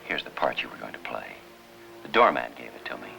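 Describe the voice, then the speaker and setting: An actor playing a middle-aged hospital chaplain in a 1950s television drama, asking calm, earnest questions. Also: male voice, very deep voice, fairly quick, vocal fry, music in the background, heavily acted, rough recording.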